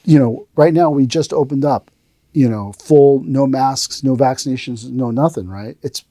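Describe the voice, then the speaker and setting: Middle-aged male aikido teacher, podcast host, lively storyteller who acts out quotes; mellow tone, dry close sound. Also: mid-range voice, moderate pace, no room sound. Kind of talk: casual podcast chat.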